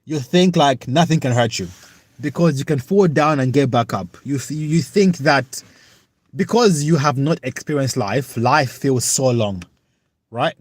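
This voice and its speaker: Earnest slow-talking man streaming live. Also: medium pitch, no echo. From United Kingdom. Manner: earnest, reflective, halting. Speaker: livestreamer. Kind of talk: casual live chat, reading and answering viewer comments.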